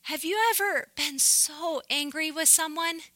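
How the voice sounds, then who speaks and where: A woman giving an earnest, animated Bible teaching to a women's group, often laughing as she talks. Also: high-pitched, measured pace, no room sound, poor audio.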